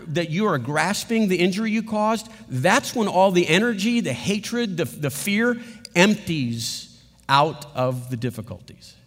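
A man preaching a sermon in a conversational way, often acting out the words of people apologizing. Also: sits high. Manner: conversational, acts out quoted apologies. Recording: long hall reverb.

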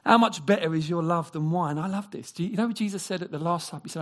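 Man preaching, high voice, animated, acts out voices, hushed passages. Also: quick pace, hardly any pauses. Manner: animated, acts out quoted voices, drops to a hush. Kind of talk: sermon.

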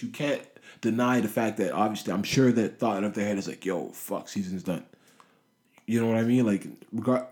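A man giving a casual, animated monologue about basketball, swearing often and saying "you know what I mean" a lot. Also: mid-range voice. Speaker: sports commentator. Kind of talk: casual sports talk monologue.

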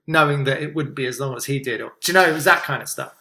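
Man, comedian, bright tense voice, rambling casual chat, lots of restarts. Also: fairly high pitch, fast talker, hardly any pauses. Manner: rambling, frequent restarts and "do you know what I mean".

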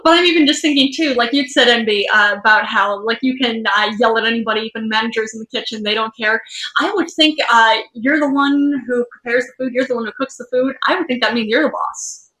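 A woman's voice: fairly high pitch, brisk, sharp tone, roomy sound, poor audio. A woman hosting a casual chat, speaking hesitantly with many fillers as she asks questions.

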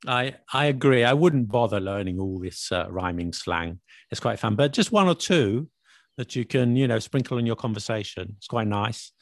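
A man's voice: medium pitch, expressive, moderate pace, dry recording, clean studio sound. A man hosting a casual chat, quizzing his guest on slang and explaining each term patiently. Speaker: host.

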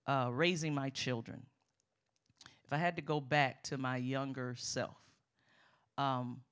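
Middle-aged woman preacher, bright forceful tone, emphatic sermon delivery with congregation call-outs. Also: sits low. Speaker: guest preacher.

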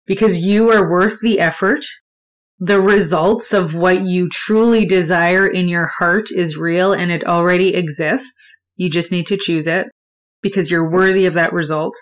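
A woman's voice: lowish voice, fairly even intonation, normal speed. Candid, swearing woman podcaster. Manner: candid, swears freely, conversational. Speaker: podcast host. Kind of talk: solo motivational podcast talk.

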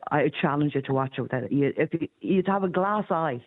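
An Irish woman giving blunt, opinionated views in casual radio chat, quick to laugh. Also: low voice, lively intonation, phone-quality sound. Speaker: radio panelist.

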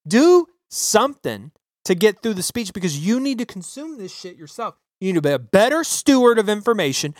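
A man hosting a podcast, ranting about politics with heavy swearing in an animated, emphatic way. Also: high voice, no room sound, studio quality. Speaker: podcast host. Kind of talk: profane political rant. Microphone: podcast microphone.

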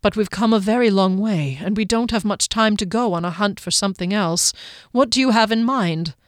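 A woman's voice: medium pitch, normal speed, dry recording, studio quality, close to an everyday voice. A woman voicing a diplomatic male companion who turns anxious and pleading.

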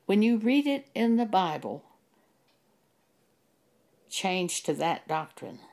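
A woman preacher delivering a sermon, speaking deliberately and with emphasis, pausing to cite scripture chapter and verse. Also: medium pitch, very animated, a little mellow.

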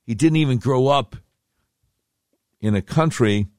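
A man's voice: medium pitch, measured pace, a little mellow, no echo, clean studio sound. A man hosting a podcast, giving rambling, sarcastic commentary with slangy asides. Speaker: podcast host.

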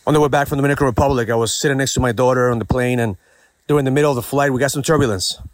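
A man's voice: medium pitch, steady tone, very fast, no echo. Earnest man, dry close sound. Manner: earnest, storytelling with rhetorical questions. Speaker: host of a daily inspirational talk. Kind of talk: personal reflective monologue.

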